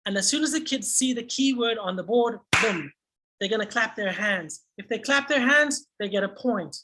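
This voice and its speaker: A woman explaining a lesson plan to other teachers in a teacher training tutorial, energetic and acting out classroom prompts. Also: mid-range voice, moderate pace, heavy background noise.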